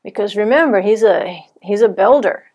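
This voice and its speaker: A middle-aged woman giving an earnest, measured teaching talk to wives, telling stories to make her points. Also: mid-range voice, expressive. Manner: earnest, measured, softens for quoted fears. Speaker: Bible teacher.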